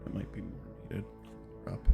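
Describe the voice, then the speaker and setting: A man's voice: fairly quick, over loud music. A man giving casual gameplay commentary, thinking aloud and often muttering questions to himself. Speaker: let's play gamer.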